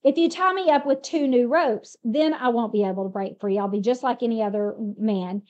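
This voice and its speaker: A woman's voice: on the high side, fairly quick, a little mellow, muffled recording, pitched below the performer's own voice, lightly acted. A woman voicing a weary, evasive Samson. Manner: offhand, plain retelling tone.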